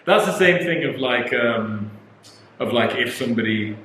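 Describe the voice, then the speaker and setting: A man's voice: mid-range voice, lively intonation, normal speed, a bit bright. Young English guy, neutral accent, dry teasing co-host, in an echoey room with faint noise. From England. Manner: dry, teasing, laughs often. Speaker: co-host in a couple's video. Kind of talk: casual chat.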